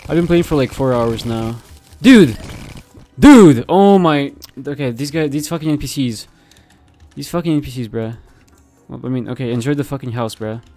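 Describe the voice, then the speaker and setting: A young man giving casual gameplay commentary, swearing constantly and reacting loudly to what happens on screen. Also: mid-range voice, a little fast, soft background music.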